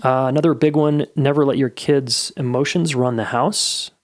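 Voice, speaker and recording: Speaking alone on his podcast, a middle-aged man offers blunt, candid advice in a casual monologue laced with swearing. He has a mid-range voice with a steady tone and moderate pace, captured dry with clean studio sound.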